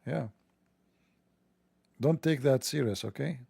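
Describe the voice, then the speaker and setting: Gravelly man in a mocking monologue. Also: medium pitch, slow, warm tone, dry recording. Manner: mocking, sarcastic, jokey. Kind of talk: satirical monologue.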